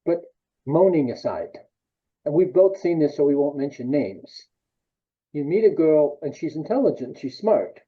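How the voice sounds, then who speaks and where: A male interviewer with a husky, fairly high voice puts direct, provocative questions to his guest and drops his voice low on the bluntest. His recording sounds dull and muffled. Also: expressive, normal speed.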